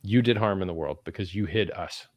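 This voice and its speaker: A blunt man speaks emphatically and swears freely in a casual livestream chat. His voice is fairly low and comes through a close, dry computer mic. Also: brisk, dry recording. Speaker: crypto founder taking guests on a livestream.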